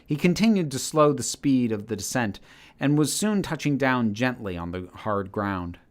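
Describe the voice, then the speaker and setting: A man narrating a story aloud in a steady, measured reading manner. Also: medium pitch. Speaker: channel host reading his story. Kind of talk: audiobook-style story narration.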